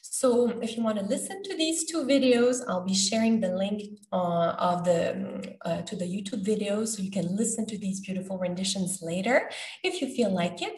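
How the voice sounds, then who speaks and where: A woman's voice: mid-range voice, expressive, a little mellow. Patient woman teaching sounds. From Quebec. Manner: patient, demonstrates sounds slowly. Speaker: French pronunciation teacher. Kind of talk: podcast lesson. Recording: roomy, from a distance.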